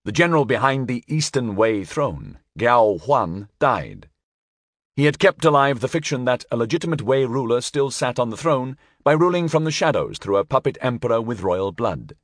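A man reading a history audiobook aloud as a measured, storytelling narrator. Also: medium pitch, animated, dry recording, clean studio sound.

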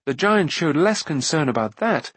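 Male audiobook narrator, husky, expressive reading, dry studio sound. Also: fairly high pitch, dry recording. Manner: expressive, measured storytelling. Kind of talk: scripted narration of a fantasy novel.

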